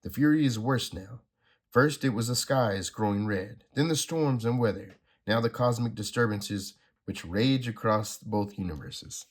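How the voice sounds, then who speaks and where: A man reading a comic aloud, voicing an ancient, dying cosmic guardian in a measured, grave way. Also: on the low side. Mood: solemn.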